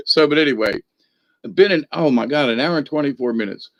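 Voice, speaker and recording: With an expressive, mid-range voice and a fairly quick pace, free of room sound, this man hosts a rambling spiritual livestream. Hailing from the northern United States, he's folksy and feisty, laughs often, and greets viewers by name while reading their comments.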